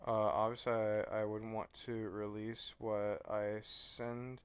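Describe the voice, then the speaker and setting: A man's voice: fairly low pitch, flat delivery, slow, clean tone, no echo. A sleep-deprived man streaming late at night, chatting casually and rambling with stammered restarts. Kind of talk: casual live stream chat. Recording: dull lo-fi mic.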